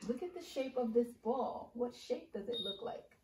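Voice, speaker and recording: A woman leading a preschool circle-time lesson, with an encouraging sing-song manner, speaking slowly and clearly to young children. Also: on the high side, expressive, a little mellow, roomy sound, distant mic, a little hiss or hum, rough recording. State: out of breath. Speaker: preschool teacher.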